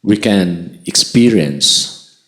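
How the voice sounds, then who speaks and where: Slow-speaking man giving a devotional lecture. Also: low voice, animated, fairly bright tone, rough recording. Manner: slow, repeats for emphasis, mixes in Tagalog phrases. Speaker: spiritual lecturer.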